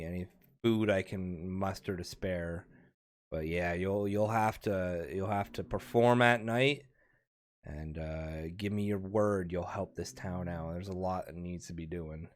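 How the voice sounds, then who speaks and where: A man's voice: low-pitched, no echo. A man voicing a weary woman innkeeper. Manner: sighing, tired, halting. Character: weary woman innkeeper, stern but kind.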